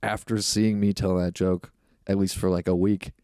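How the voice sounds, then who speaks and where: A man's voice: low voice, little pitch movement, moderate pace, warm tone, smooth, dry recording, clean studio sound. A man, a comedian guest on a podcast, telling stories in a rambling, reflective way with lots of fillers. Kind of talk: casual podcast chat.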